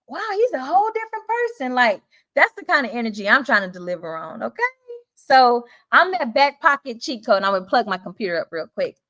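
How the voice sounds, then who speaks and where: A woman's voice: a little high, a bit bright. A woman with a Southern US accent, hosting a live stream for teachers in a chatty, encouraging way and reading out viewer comments. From Southern United States.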